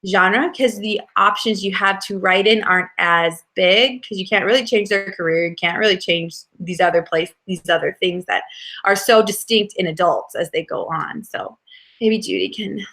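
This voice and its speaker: A woman's voice: mid-range voice, moderate pace, a bit bright. A woman co-host reflecting thoughtfully in a casual chat. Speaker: podcast co-host, author.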